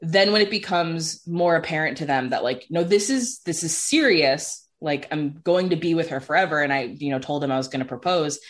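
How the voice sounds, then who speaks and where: A woman's voice: sits low, brisk, hardly any pauses. A woman in casual conversation, telling a personal story and acting out other people's lines with exaggerated voices, saying "like" often. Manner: animated storyteller, acts out quotes in exaggerated voices; says "like" constantly. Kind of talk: casual chat.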